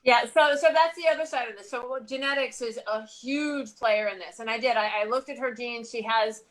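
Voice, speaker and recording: A woman's voice: fairly high pitch, moderate pace, a bit bright, poor audio. A woman nutritionist explaining a client's case in a casual way, checking in with "okay" and "all right" as she goes.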